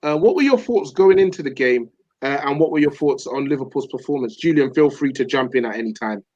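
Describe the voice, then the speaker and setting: A man hosting a live football podcast in a relaxed, jokey way, greeting guests as brother and man. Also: medium pitch, fairly quick, highs cut off. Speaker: podcast host.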